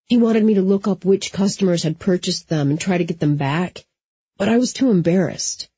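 Woman reading a quiet, shaken young man, mellow and husky, dry and slightly dull recording. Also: sits high, normal speed, no room sound. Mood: grim. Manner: quiet, hushed. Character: young man confessing a family secret, shaken.

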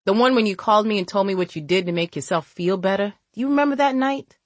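A woman reading the part of an older, gentle grandmother who speaks softly and affectionately. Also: mid-range voice, fast, no echo, natural voice. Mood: earnest. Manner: soft, affectionate, calls listener baby.

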